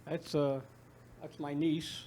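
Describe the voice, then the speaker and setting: Earnest man with a mellow voice. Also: on the high side, flat delivery. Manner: halting, earnest, with restarts and fillers. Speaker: guest, foundation founder. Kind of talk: casual studio interview. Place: TV studio.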